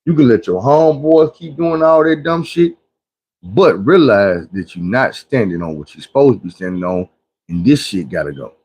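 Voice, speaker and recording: A man delivers a blunt, preachy livestream monologue in casual street talk. His mid-pitched voice has a husky, slightly rough edge, and he slips into acted-out quotes of other people. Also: darkish tone. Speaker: livestream host.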